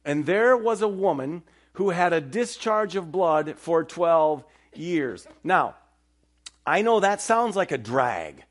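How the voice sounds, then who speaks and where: A man's voice: high voice, slow. A middle-aged man preaching a sermon as pastor, telling stories with animation and joking with the congregation. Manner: animated storytelling, banter with the congregation.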